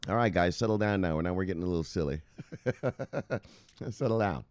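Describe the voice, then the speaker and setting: A man's voice: sits low, normal speed, darkish tone, dry recording. A man hosting casual crypto news commentary, reading headlines aloud and rambling off into laughing, profane asides.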